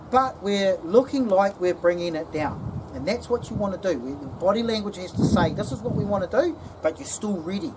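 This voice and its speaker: A woman giving a casual security training demonstration, often checking in with "okay?". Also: medium pitch. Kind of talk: instructional demonstration. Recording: distant mic with background noise.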